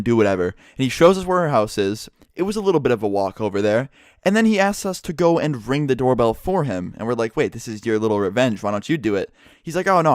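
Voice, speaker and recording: A young man in a casual storytime vlog, telling a personal story in a fast, profane, animated way. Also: mid-range voice, dry recording, clean studio sound. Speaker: vlogger.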